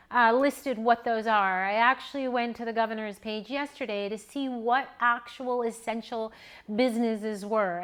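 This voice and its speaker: Casting: middle-aged woman, slightly high voice, earnest heartfelt home monologue, halting restarts. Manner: earnest, with restarts and rising emotion. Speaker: newborn photographer and educator.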